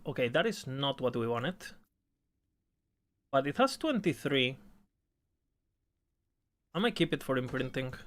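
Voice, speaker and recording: A young man casually commentating his own game stream, often stammering and repeating words, swearing now and then. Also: mid-range voice.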